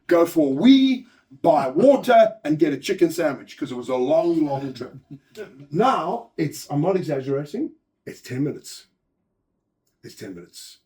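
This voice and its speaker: A man giving a lively conference talk, telling anecdotes, acting out quoted lines and chatting with the audience. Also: fairly high pitch. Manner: animated storyteller, acts out quotes, chats with audience. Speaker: host and speaker.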